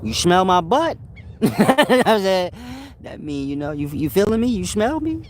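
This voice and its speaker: A man's voice: high voice, sing-song, unhurried, a little hiss or hum, voice pushed up. A man putting on the voice of a streetwise old-timer, slangy and coaxing, who keeps calling the listener baby. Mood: teasing.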